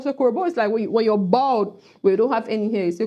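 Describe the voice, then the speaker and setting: A woman's voice: on the high side, a little fast, dark tone. A woman from Cameroon with a Cameroonian accent, teaching pidgin words in a casual vlog and playfully acting out example phrases.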